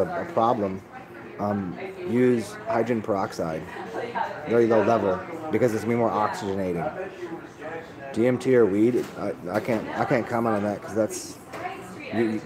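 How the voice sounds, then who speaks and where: Rambling live-streamer, male, low-pitched, loose and profane, chatter in the background. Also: rough recording. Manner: rambling, profane, laid-back, restarts often. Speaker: livestreamer answering chat.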